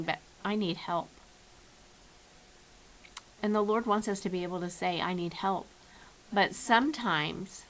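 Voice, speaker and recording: A woman's voice: lowish voice, a bit bright, poor audio. A woman giving an informal devotional message from home, speaking earnestly, often repeating and restarting her words. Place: at home, with her dog nearby.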